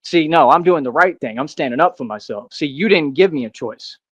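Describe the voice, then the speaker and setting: A man's voice: fairly high pitch, lively intonation, brisk, no room sound. A man delivering an angry, defiant monologue to the camera, agitated and repeating himself as he rants. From United States.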